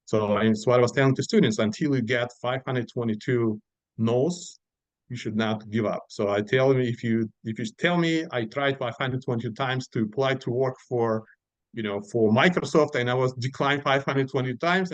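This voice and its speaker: A middle-aged man from Uzbekistan with a Russian-speaking accent, a podcast guest telling lively stories in casual speech, acting out quoted voices with many fillers. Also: medium pitch, fairly quick, dry recording, highs cut off. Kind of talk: casual storytelling interview.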